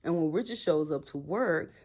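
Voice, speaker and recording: A woman's voice: sits low, moderate pace. A woman recapping a TV episode in casual chat, blunt and slangy, talking straight to her viewers. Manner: blunt, slangy and animated, talks to viewers directly. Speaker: TV episode reviewer.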